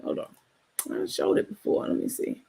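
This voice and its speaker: A woman's voice: moderate pace, mellow. A woman hosting a casual livestream, talking bluntly and sassily, cursing freely and laughing often. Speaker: livestream host.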